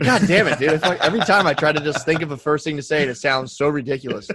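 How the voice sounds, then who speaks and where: A man's voice: on the high side, racing, few pauses, fairly bright tone. Man riffing profane banter. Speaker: podcast co-host. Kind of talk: casual comedic chat.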